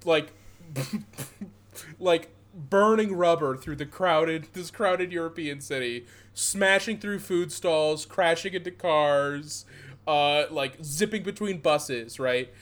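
A man with a bright, forceful voice sitting slightly high for a man. He recounts a movie in a loose, animated way, full of "like"s and laughs, and bursts into loud excitement. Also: slow. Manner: animated, laughing storyteller, many fillers. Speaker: podcast co-host. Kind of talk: casual chat, retelling a film.

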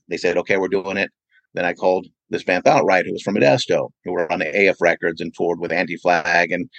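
In a rough recording with no echo, a low-voiced man tells casual interview stories as a podcast guest. He's a California event promoter and radio DJ whose answers sprawl into long anecdotes laced with "you know."

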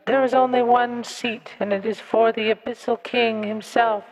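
A man voicing a tiny, pompous demon child lord who speaks in slow, grand commands. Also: extremely high pitch, level tone, big-room sound, low-quality recording. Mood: grandiose.

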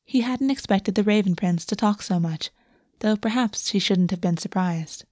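A woman reading a fantasy romance aloud as narrator, in a soft, steady storytelling voice on a close microphone. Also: mid-range voice, moderate pace, no echo. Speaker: audiobook narrator. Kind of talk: scripted narration.

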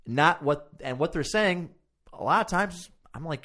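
Dude rambling on a podcast, swears constantly, lots of restarts, makes fun of himself. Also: male voice, fairly high pitch, expressive, unhurried, sharp tone. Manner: rambling, swears a lot, self-mocking. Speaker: podcast co-host. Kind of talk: casual profane political chat.

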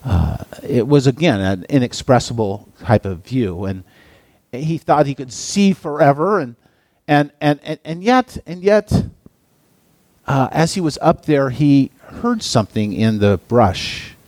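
Brief: male preacher, storytelling sermon, animated and halting, dry close sound. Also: no room sound. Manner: halting, lots of restarts and uh's, emphatic pitch swings. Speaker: pastor or Bible teacher.

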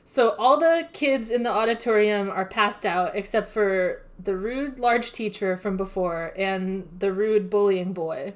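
A woman co-hosting a casual podcast, recapping episodes in a playful, deadpan way with lots of "like". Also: mid-range voice, measured pace, few pauses. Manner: playful, deadpan summarizing with frequent "like". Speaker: podcast co-host. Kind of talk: casual anime recap chat.

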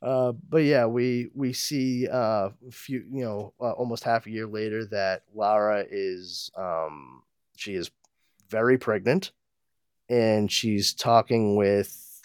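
A man hosting a podcast, giving a casual comic-book recap in a halting way, full of fillers and with frequent chuckles. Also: on the low side, smooth, no room sound, clean studio sound.

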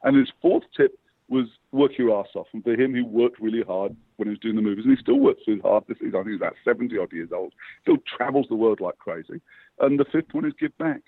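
A man, a publicist, telling lively motivational anecdotes as a guest over the phone. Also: medium pitch, fast talker, dry recording. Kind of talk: interview storytelling. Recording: tinny phone line.

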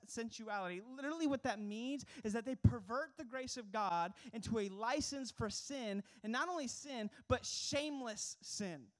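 A young man preaching as a pastor, earnest and emphatic, asking the congregation rhetorical questions. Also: high voice. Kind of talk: sermon.

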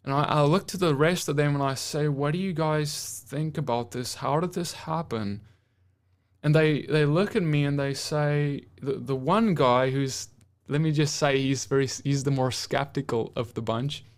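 A man preaching an earnest testimony, slowly and haltingly, often repeating words as he searches for them. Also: fairly high pitch. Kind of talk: slow storytelling testimony.

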